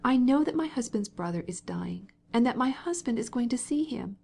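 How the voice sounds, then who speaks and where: A woman's voice: animated, moderate pace, gravelly, dark tone, slight background noise. A woman reading an audiobook, voicing an indignant, tearful young wife who insists on her point. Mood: insistent. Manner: pleading, insistent, raised pitch.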